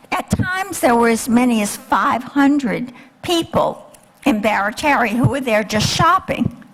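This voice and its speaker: A woman giving a history lecture to a live audience, telling the story and asking the listeners questions. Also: on the high side. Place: lecture hall. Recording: long hall reverb.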